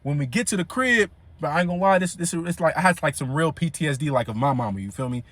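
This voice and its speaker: A young man vlogger telling a story casually, full of slang and fillers, animated. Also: on the high side, fast, no room sound.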